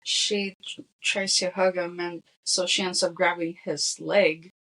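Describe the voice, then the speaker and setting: A woman's voice: on the low side, level tone, a little slow, a bit bright, rough recording. A woman co-hosting a casual movie podcast with her husband, chatty and explaining details. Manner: chatty, explains and translates lines. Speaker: podcast co-host.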